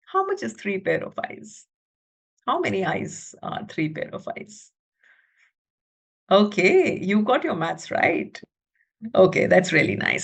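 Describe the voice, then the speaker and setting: A woman's voice: mid-range voice, huge pitch swings, slow, gravelly, long pauses, slightly rough. A woman with a South Asian English accent, telling a children's story in a webinar, dropping to whispers for suspense and asking the audience questions. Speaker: teacher trainer leading a storytelling webinar. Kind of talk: animated storytelling to an online audience. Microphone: computer mic on a video call.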